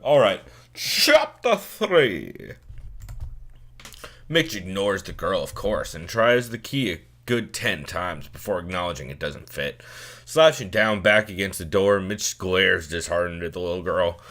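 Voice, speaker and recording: A man's voice: sits low, moderate pace, sharp tone. A young man hosting a let's play, reading a text game aloud and joking with lots of swearing. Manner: profane, joking, riffing.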